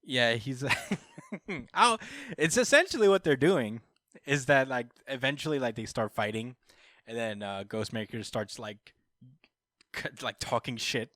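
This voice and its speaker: A man's voice: medium pitch, expressive, measured pace, bright, forceful tone, no echo, clean studio sound. A young man hosting a podcast, loosely retelling a story in casual chat with lots of fillers. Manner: loose storytelling, many fillers, laughs at own jokes. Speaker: podcast host. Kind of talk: casual chat recapping comics.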